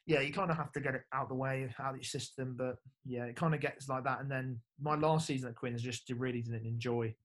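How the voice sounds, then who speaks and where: A man's voice: medium pitch, steady tone, brisk, hardly any pauses, fairly bright tone. A young man from England, a former rugby player, chatting casually as a podcast guest, full of fillers and swearing. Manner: laid-back, storytelling with lots of fillers and swearing. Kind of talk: casual chat.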